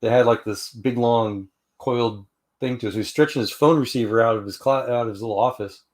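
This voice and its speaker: A middle-aged man from Houston, hosting a casual fellowship chat. His voice sits at a middle pitch, and he rambles through stories with restarts, fillers and easy laughs. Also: fairly quick. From Houston, Texas, US. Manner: rambling, with many restarts and "you know"; laughs while telling stories. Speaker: host of an online fellowship chat.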